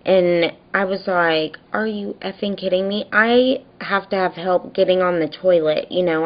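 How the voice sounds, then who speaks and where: A woman's voice: on the low side, vocal fry, lo-fi sound. A young woman vlogging casually, telling an exasperated story about a neighbor, tired and worn out. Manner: exasperated, animated retelling with mocking quoted voices.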